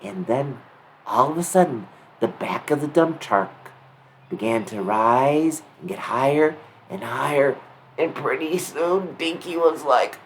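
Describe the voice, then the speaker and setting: Woman telling a kids' story, low voice, very lively intonation, faint background noise. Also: unhurried, poor audio. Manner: animated, asks the listener questions. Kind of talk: children's story narration.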